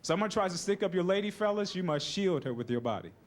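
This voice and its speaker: A man's voice: sits high, expressive, fast talker. A young man doing a laid-back stand-up comedy routine on stage. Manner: laid-back, keeps saying "you know, man". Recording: noisy live recording.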